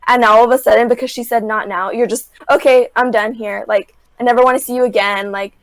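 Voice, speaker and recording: Here a young woman talks fast in a slightly high voice, with no room sound, as a guest on a podcast. She's casually recounting a reality show, peppering everything with "like" and playing out what people said.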